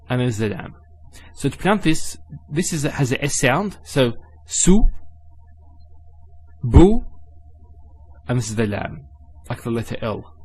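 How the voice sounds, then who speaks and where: A man giving a spoken Arabic lesson, patiently repeating each sound slowly and carefully. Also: mid-range voice, husky. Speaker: Arabic teacher.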